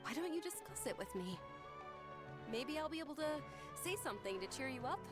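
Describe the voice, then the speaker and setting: An actress voicing a kind, gentle young noblewoman in a video game, speaking softly and politely. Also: high-pitched, sing-song, brisk, music in the background.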